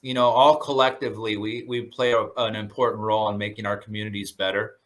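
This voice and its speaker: A surf instructor man talks in a casual interview. His voice sits a bit low but rings bright and forceful. He sounds earnest and grateful, stumbling through fillers and restarts. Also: flat delivery, fast. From Southern California.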